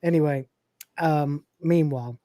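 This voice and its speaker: Woman host, lower voice, dry sound, animated recap. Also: measured pace, dry recording. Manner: animated, reading scenes aloud with laughs. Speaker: podcast co-host. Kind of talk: livestream episode recap.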